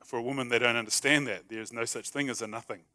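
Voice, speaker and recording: A man's voice: medium pitch, fairly even intonation, quick pace, bright, forceful tone. A man preaching a sermon in a conversational, humorous way, acting out short everyday dialogues. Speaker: pastor.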